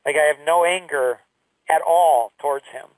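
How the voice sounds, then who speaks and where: A middle-aged man talking earnestly and haltingly, sharing a personal story of loss. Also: fairly high pitch, no room sound, distant mic, rough recording. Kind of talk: emotional personal talk.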